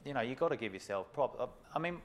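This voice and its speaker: A man's voice: mid-range voice, lively intonation, quick pace. A man hosting a podcast, chatting casually and encouraging his guest, with frequent restarts and casual swearing. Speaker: podcast host. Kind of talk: casual interview chat.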